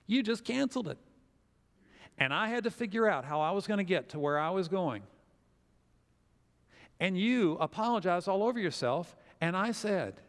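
A man preaching a sermon as pastor, telling a story with lively acted-out quotes. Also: sits high, moderate pace, long pauses, big-room sound.

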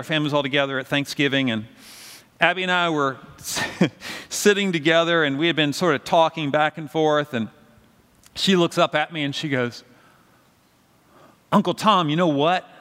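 A man's voice: a little high, sharp tone, in a large hall. A middle-aged male pastor preaching a sermon in a conversational, storytelling way, often asking the congregation questions.

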